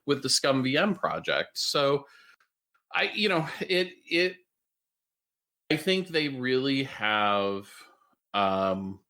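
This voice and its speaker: A man co-hosting a gaming podcast in casual chat, measured and thoughtful, with the odd blunt jab. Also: medium pitch, big pitch swings, sharp tone. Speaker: podcast co-host.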